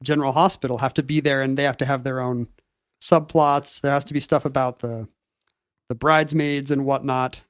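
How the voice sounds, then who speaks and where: A man co-hosting a chat podcast, explaining a topic at length with frequent pauses and restarts. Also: medium pitch, steady tone, dry recording, studio quality. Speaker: podcast co-host. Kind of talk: casual chat, recapping a topic.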